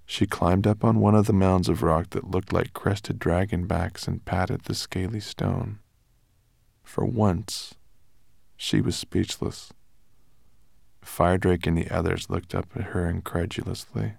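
A man reading a fantasy story aloud in a measured storytelling manner. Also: sits low, fairly even intonation, gravelly, darkish tone, no echo, studio quality. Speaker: audiobook narrator. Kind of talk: scripted narration.

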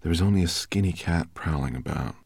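A man reading an audiobook in a steady, expressive storytelling manner. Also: low voice, fairly quick, vocal fry, husky, no room sound, clean studio sound. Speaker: audiobook narrator. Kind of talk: audiobook narration.

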